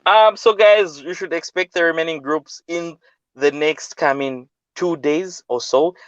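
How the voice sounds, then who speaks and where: A man co-hosting a casual football prediction chat from another room over a video call. He talks in a relaxed, conversational and slightly weary way. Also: a little high, a little slow, dry recording. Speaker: co-host. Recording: dry, dull lo-fi call audio.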